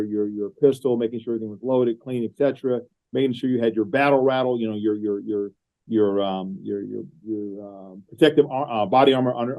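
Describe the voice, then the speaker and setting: Middle-aged male guest, warm mellow tone, earnest, halting repeats, remote call. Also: mid-range voice, rough recording. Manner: earnest, repeats words as he gathers his thoughts. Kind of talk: podcast interview conversation.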